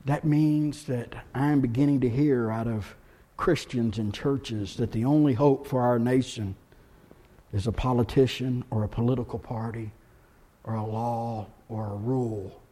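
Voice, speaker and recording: In a church sanctuary, an American pastor delivers a sermon in a medium-pitched male voice. He shifts between quiet, earnest passages and loud, impassioned ones.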